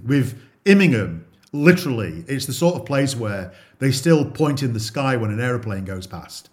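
A man's voice: medium pitch, sing-song, moderate pace. A middle-aged man from England, a guest in an interview, telling his story in a plain-spoken way with frequent repeats and restarts.

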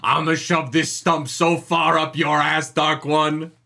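A man voicing a brash young man who yells taunts at the Dark One. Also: mid-range voice, level tone, creaky, heavily acted. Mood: taunting. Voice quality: loud, drawn-out, yelling.

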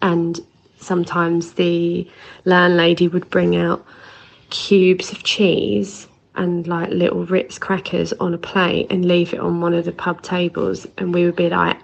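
A woman's voice: fairly low pitch, completely flat delivery, a little slow, gravelly, highs cut off. A woman leaving a chatty, nostalgic voice message for a podcast, swearing freely. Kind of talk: casual voice note.

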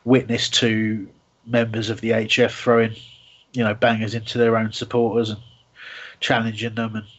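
A man's voice: lowish voice, monotone, moderate pace. Guy hosting fan radio, rambly, lots of ums, kinda dull lo-fi sound. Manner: rambling, many fillers and restarts. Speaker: radio show host. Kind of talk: casual fan radio talk.

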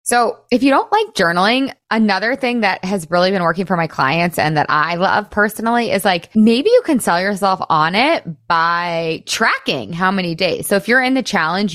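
Female coach, casual podcast host, low-ish voice, upbeat and chatty with lots of "like", dry close mic. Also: fairly bright tone, dry recording. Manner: chatty and upbeat, full of "like" and quick laughs.

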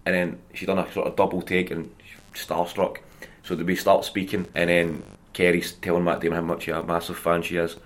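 A Scottish man in his thirties, a comedian and podcast guest, telling chatty, animated anecdotes in a casual way. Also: low voice, fairly quick. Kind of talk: casual storytelling.

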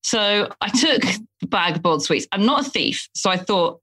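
A woman's voice: fairly low pitch, normal speed, few pauses. A woman telling a self-deprecating anecdote in casual chat. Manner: animated storyteller, self-deprecating. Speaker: guest telling a story.

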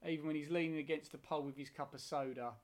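Chatty man, slightly high voice. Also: steady tone, fast. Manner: enthusiastic, rambling, swears casually. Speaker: podcast co-host. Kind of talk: casual chat about films.

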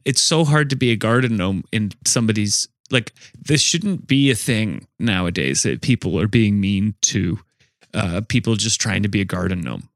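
A man with a fairly low voice tells absurd invented tales in a flat, straight-faced way. He is co-hosting a loose, improvised comedy podcast. The sound is dry and close, with no room echo. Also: normal speed. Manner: deadpan, telling absurd made-up stories straight-faced. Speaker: podcast co-host. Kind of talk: casual improvised comedy chat.

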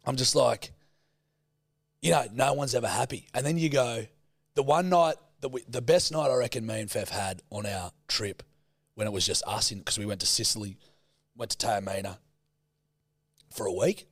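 A young Australian man spins a casual, profanity-laced travel yarn. His voice is husky, mid-pitched and dry. He tells it with animated, blokey energy. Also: moderate pace, long pauses, no echo. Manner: sweary, animated yarn-spinning. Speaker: podcast host. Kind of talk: casual storytelling chat.

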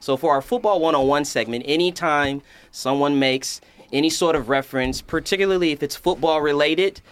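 A man's voice: fairly high pitch, brisk, clear, resonant tone. A man hosting a podcast, steering the casual chat and laughing easily. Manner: guiding the talk, laughs easily. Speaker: podcast host.

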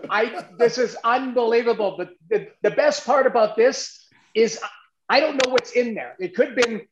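High-voiced man telling rambling stories. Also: moderate pace, roomy sound, lo-fi sound. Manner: animated, rambling with restarts. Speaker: guest, former goalie. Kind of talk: casual storytelling.

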